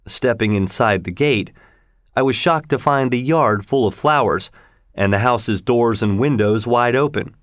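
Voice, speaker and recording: A man narrating a classic novel in steady, measured audiobook storytelling. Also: medium pitch, dry recording, clean studio sound.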